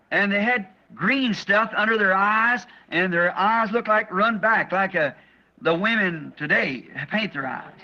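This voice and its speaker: A man's voice: high voice, sharp tone. A man preaching a sermon, telling an earnest story in folksy speech and often repeating his words. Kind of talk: sermon testimony. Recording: dull lo-fi archive sermon tape.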